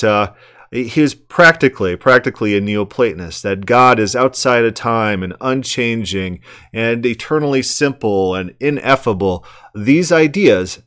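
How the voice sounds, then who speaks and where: A man's voice: medium pitch, a bit bright. A man commenting on a sermon clip, emphatic and argumentative, asking rhetorical questions and often repeating words.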